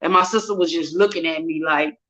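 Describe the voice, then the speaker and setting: A woman's voice: low-pitched, a little fast. A woman telling a personal story with emotion, acting out what people said in shifting voices. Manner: animated, acts out quotes in different voices. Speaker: guest sharing her story. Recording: dull lo-fi recording.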